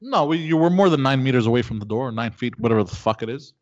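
A man's voice: mid-range voice, lively intonation, fast talker. A man telling a rambling story in casual chat and often laughing at himself. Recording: dull lo-fi sound.

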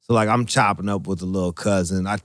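A man's voice: sits low, fairly even intonation, fast talker, a bit bright, dry recording, clean studio sound. A man telling a crude story in casual chat, profane and rambling, full of fillers and restarts. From Michigan. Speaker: storyteller guest.

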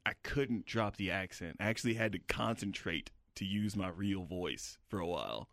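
A man's voice: on the low side, very animated, normal speed, hardly any pauses, a bit bright, no room sound, studio quality. A man, a comedian, telling a crude rambling anecdote in casual podcast chat.

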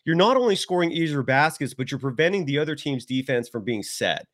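A man guesting on a sports podcast, rambling with lots of restarts. He speaks enthusiastically, his voice sitting a bit high for a man. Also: lively intonation, fairly quick, fairly bright tone. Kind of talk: casual sports podcast chat.

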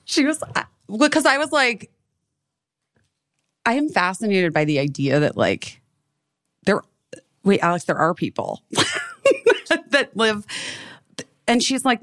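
Slow, expressive woman, dry close sound. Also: mid-range voice, no room sound. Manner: rambling and emotional, searching for words. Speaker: podcast co-host. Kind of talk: casual podcast chat.

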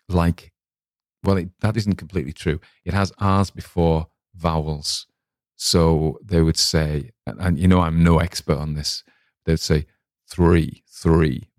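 A man with a northern English accent talks in a deep, low register. His chat is loose and digressive, full of restarts and asides. The recording is dry, with no room sound. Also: a little mellow, no room sound. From north of England. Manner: rambling, chatty, with many restarts and asides. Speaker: podcast host and story reader. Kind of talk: casual chat about a story.

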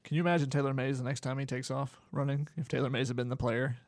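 A man's voice: mid-range voice, level tone, quick pace, no echo. A man co-hosting a podcast in casual banter, giving blunt opinions with dry jokes. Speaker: podcast co-host.

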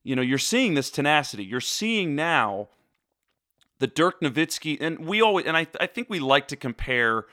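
A man chatting casually about basketball, wandering through his points with plenty of "you know." His voice is bright and forward. The recording is dry and close. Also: fairly high pitch, big pitch swings, moderate pace, dry recording. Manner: rambling, lots of "you know" fillers. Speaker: basketball talk co-host. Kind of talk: casual sports chat.

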